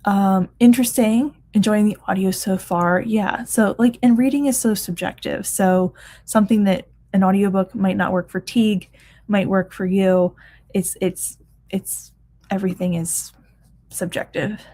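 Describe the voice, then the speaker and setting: Speaking at an unhurried pace in a steady, mellow, mid-range voice, a thirtysomething woman runs a reading sprint livestream. She yawns and sounds tired, reading out comments in chatty fashion, laughing a lot and often saying um or restarting.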